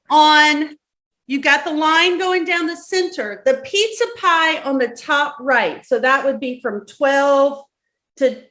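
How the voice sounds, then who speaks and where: A woman's voice: high-pitched, fairly bright tone. A woman with a Southern accent leading a live-streamed workshop, giving step-by-step instructions, repeating key words and checking in often. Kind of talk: instructional talk to a live audience.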